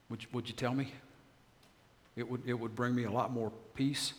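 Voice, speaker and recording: A man's voice: medium pitch, flat delivery, slight background noise. Older preacher man in a reverberant hall. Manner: storytelling preacher, shifts into slow, earnest prayer. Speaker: pastor. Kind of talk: sermon and pastoral prayer.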